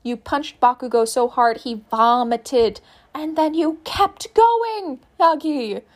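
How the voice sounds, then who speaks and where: A woman voicing a furious male teacher who yells and swears at a colleague in a read-aloud story. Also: high-pitched, takes it slowly. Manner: yelling, swearing, cutting.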